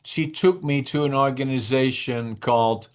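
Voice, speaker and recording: An older man speaks English with a Dutch accent, his first language being Dutch. He talks at a middling pitch in an unhurried, halting way, pausing and restarting as he works through his thoughts in an interview. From northeastern Netherlands. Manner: deliberate, halting, with restarts and slowdowns. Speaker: guest. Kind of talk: interview conversation.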